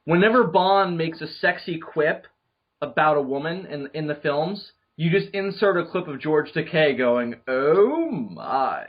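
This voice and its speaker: A young man co-hosting a podcast, chatting casually, excitable and quick to laugh. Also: fairly high pitch. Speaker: podcast co-host. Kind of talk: casual chat. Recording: dull lo-fi recording.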